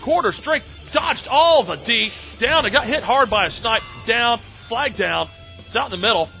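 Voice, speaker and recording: Man, high voice, excitable jokey game play-by-play, muffled lo-fi recording with game music behind. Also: moderate pace, vocal fry. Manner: excitable, jokey, laughs often. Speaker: game commentator. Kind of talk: sportscaster-style play-by-play of a video game.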